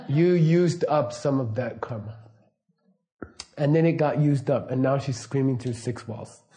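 A middle-aged man giving a casual, anecdotal teaching talk, relaxed and laughing often. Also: fairly high pitch. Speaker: Buddhist teacher.

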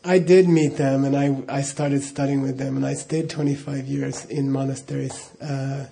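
A man's voice: mid-range voice, little pitch movement, moderate pace, vocal fry, dark tone. A middle-aged man telling a personal story in a casual, rambling way, with frequent chuckles and "you know" asides. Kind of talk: casual spoken anecdote.

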